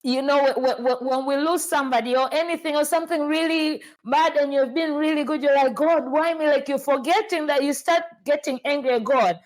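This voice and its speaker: High-pitched woman hosting a casual podcast. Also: brisk, few pauses, poor audio. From Tanzania. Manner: animated, laughs often, repeats words when starting. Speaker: podcast host.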